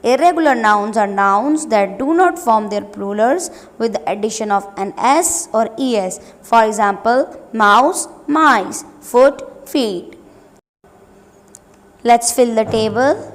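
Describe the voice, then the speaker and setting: A woman teacher giving an English lesson, deliberately repeating each word pair as a drill. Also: on the high side. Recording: long reverberant room.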